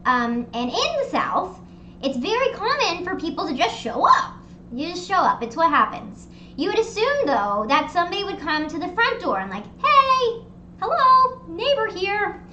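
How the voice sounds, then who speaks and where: A young woman hosting a casual livestream chat from home, telling stories in an animated, rambling way with lots of fillers. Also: extremely high pitch, moderate pace, echoey room, muffled recording, slight background noise. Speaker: streamer hosting a live hangout. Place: her home. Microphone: streaming desk mic.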